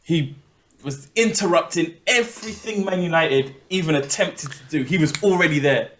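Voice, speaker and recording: A man's voice: a little high, normal speed, fairly bright tone, slight background noise. A young man chatting casually as a podcast co-host, emphatic and repeating his points. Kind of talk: casual chat.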